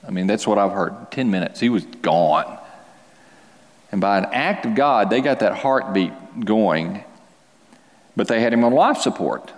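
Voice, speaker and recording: A man preaching a sermon as pastor, speaking earnestly and conversationally, restarting phrases and pausing for emphasis. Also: on the low side, expressive. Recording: long reverb of a large hall.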